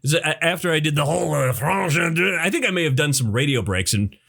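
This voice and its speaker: A man co-hosting a casual music podcast, easygoing and quick to laugh. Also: on the high side, expressive, gravelly, fairly bright tone. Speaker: podcast co-host. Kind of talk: casual chat.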